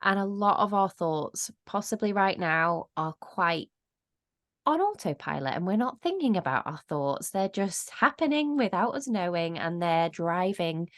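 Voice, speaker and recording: A woman's voice: on the low side, lively intonation, a little slow, no room sound, clean studio sound. Breathless, bubbly woman podcaster. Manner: bubbly, laughs often. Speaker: podcast co-host. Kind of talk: casual chat.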